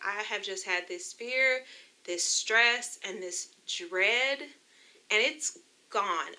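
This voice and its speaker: In a talk-to-camera testimony vlog, a young adult woman from the US recounts her story emotionally and conversationally, calling viewers "you guys." Her medium-pitched voice comes across pushed and bright.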